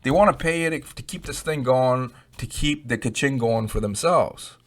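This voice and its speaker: A man's voice: mid-range voice, normal speed. A man giving rambling, emphatic, unscripted commentary, addressing viewers directly. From Canada. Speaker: YouTube crypto commentator.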